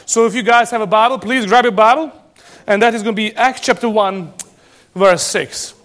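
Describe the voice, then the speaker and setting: A man from Serbia preaching a sermon as pastor, animated and emphatic, often restarting his phrases. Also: sits high, normal speed.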